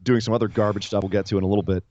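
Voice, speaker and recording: A man's voice: on the low side, no echo, highs cut off. A man co-hosting a casual wrestling podcast, teasing his partner and laughing as he recaps. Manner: animated, quick to tease and laugh. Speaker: podcast co-host.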